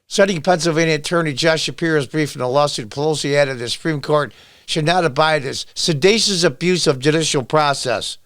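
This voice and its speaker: A man's voice: on the high side, moderate pace, fairly bright tone, no echo. Man, middle-aged, angry sarcastic commentary, reads news aloud, dry close sound. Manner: angry, sarcastic, talks back at the article he reads. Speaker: political commentary vlogger. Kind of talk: ranting commentary while reading a news article.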